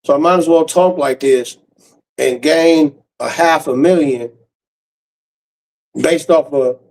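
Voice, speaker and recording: Gravelly guy going off on his stream, blunt and cussing a lot. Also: on the high side, slow, a little mellow, poor audio. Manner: blunt, cursing, harsh. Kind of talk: profane casual rant.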